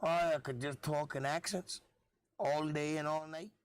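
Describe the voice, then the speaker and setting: A hoarse man hosting a live stream, chatting in a rambling, offhand and jokey way, with the odd cough. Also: on the high side, fairly even intonation, a little slow, no echo. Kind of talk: casual rambling chat.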